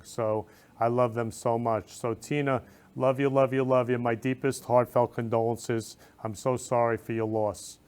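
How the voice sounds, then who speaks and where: A man's voice: medium pitch, little pitch movement, measured pace, darkish tone, smooth. A man hosting a talk show, effusive and emotional, often repeating words of love. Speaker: host.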